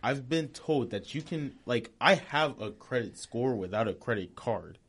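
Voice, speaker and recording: A man's voice: medium pitch, lively intonation, measured pace, fairly bright tone, slightly rough. A young man in casual podcast chat, speaking hesitantly and tentatively.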